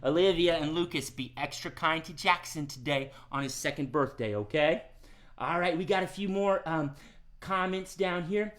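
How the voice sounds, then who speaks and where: A man hosting a live-streamed children's show, talking gently to kids with many "um"s and "okay?"s. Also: on the high side. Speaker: children's entertainer host.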